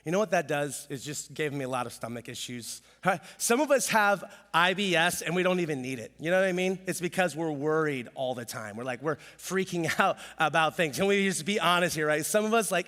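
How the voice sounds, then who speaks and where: Thirties male pastor, lively self-mocking storyteller, sharp bright tone, long hall echo. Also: on the high side. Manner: animated, self-deprecating storytelling with jokes. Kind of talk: casual sermon. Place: church sanctuary.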